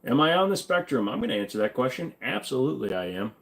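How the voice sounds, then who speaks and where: A man's voice: medium pitch, big pitch swings, fast, vocal fry. A man in casual live stream chat, reading viewer questions aloud and answering them in a crude, joking way. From Virginia.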